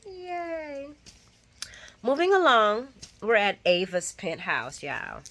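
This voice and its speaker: A woman giving a casual, opinionated recap of a soap opera, chatting in slang and acting out the characters' lines with big jumps in pitch. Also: lively intonation, moderate pace, bright, forceful tone, a little hiss or hum.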